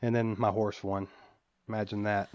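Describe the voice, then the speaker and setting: A man's voice: lowish voice, level tone, moderate pace, darkish tone, no room sound, muffled recording. A man co-hosting a sports podcast, easygoing in casual chat and laughing often. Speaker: podcast co-host.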